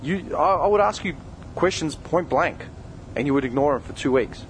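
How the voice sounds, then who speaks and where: A man's voice: fairly high pitch, animated, normal speed, slight background noise, poor audio. A young man who co-hosts a podcast, delivering a heated, confrontational rant full of swearing. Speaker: podcast co-host. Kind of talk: angry direct-address rant.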